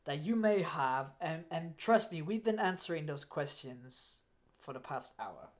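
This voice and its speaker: A man's voice: fairly high pitch, lively intonation, a little slow. A man hosting a livestream, chatting casually, flustered and swearing, laughing at himself. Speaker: streamer host.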